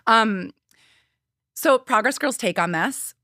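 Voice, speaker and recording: A woman's voice: on the high side, animated, slow pace, pushed and bright, dry recording, studio quality. A young woman co-hosting a podcast, explaining psychology in a chatty way with frequent laughs. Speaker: podcast co-host. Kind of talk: casual chat explaining psychology.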